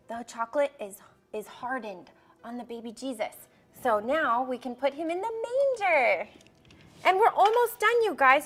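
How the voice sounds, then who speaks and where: A young woman with a high, fairly bright voice hosts a live baking show for kids. Bubbly and coaxing, she speaks directly to the children watching at home during her cooking demonstration.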